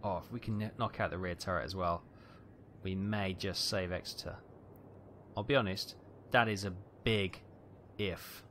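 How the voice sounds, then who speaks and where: A man giving tense, excitable live commentary on a naval battle game, calling out ranges and fire orders. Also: sits low, moderate pace, slight background noise. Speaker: gameplay commentator.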